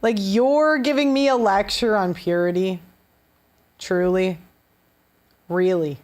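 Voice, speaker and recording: A woman's voice: medium pitch, fairly even intonation, slow, a little mellow. A woman hosting a show, giving blunt, sarcastic and profane reaction commentary on clips. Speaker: show host.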